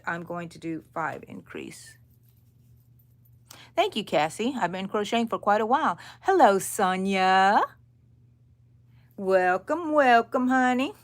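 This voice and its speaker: A middle-aged woman hosting a live crochet stream, chatting with viewers and counting her stitches aloud softly. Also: lowish voice. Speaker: crochet channel host.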